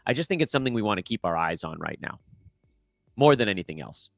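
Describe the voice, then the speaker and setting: A middle-aged man hosts a casual sports podcast in a low voice that swings widely in pitch. He talks in a wry, self-deprecating, chatty way, full of "uh"s, close on the mic in a dry, dead room. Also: very animated, quick pace, vocal fry, fairly bright tone, no echo. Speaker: podcast host. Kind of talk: casual fantasy basketball podcast.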